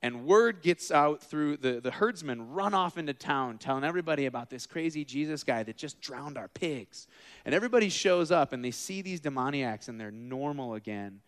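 A man in his thirties or forties preaching a casual, animated sermon, acting out the figures in his stories with asides to the room. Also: fairly high pitch, normal speed. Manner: animated, acts out quoted figures, self-deprecating asides.

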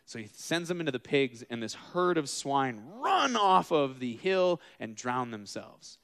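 A man in his thirties or forties preaching a casual, animated sermon, acting out the figures in his stories with asides to the room. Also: fairly high pitch, unhurried, few pauses, smooth. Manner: animated, acts out quoted figures, self-deprecating asides.

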